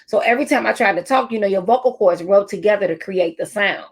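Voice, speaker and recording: A woman's voice: mid-range voice, fast talker, slightly rough. A middle-aged woman teacher and speaker giving a motivational talk to teachers, telling stories and repeating her key phrases.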